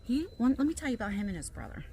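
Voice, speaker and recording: A woman's voice: on the high side, very animated, racing, warm tone, soft background music. Chatty rambling woman vlogging on her phone. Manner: rambling, chatty, jumps between topics. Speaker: YouTuber. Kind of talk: casual vlog chat while shopping.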